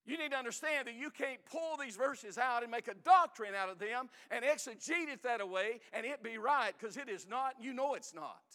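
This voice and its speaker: A man preaching a sermon as pastor, emphatic, with rising bursts and slowed, stressed phrases. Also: very high voice, animated, pushed and bright, in a large hall.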